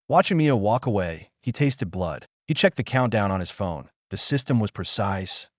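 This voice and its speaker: A male narrator reading a scripted dramatic story in an emphatic way. His voice is low with very lively pitch movement, and the recording is dry and close. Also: dry recording.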